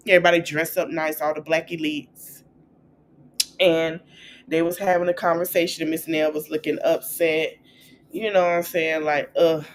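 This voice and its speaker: A woman hosting a podcast, recapping celebrity gossip in a chatty, animated way and acting out quotes in a high, playful voice. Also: normal speed, slight background noise. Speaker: podcast host.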